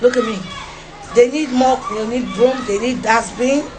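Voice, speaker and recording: A woman's voice: fairly high pitch, fairly even intonation, measured pace, crowd noise, noisy background. Ghanaian woman mock-crying with her kids. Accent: Ghanaian English. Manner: mock-crying, laughing, playful teasing. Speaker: mother vlogging with her sons. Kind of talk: casual family vlog. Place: car.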